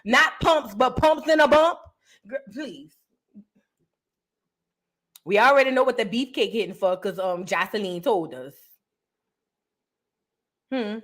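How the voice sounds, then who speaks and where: A woman with a high voice hosts a casual reaction show. She talks bluntly and crudely, mocking whoever is on screen. Her tone stays sassy and loose. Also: slow, pauses often, fairly bright tone. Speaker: commentary host.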